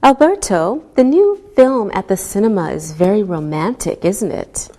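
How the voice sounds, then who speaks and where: A woman teaching a scripted English grammar lesson with slow, deliberate, sing-song delivery. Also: mid-range voice, animated, a little mellow.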